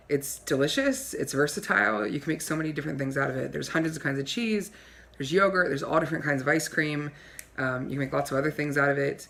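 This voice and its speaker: A woman's voice: low-pitched, gravelly, fairly bright tone. Woman dairy farmer from Pennsylvania, friendly, matter-of-fact, casual. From Pennsylvania, USA. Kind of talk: casual explaining in a comedy sketch.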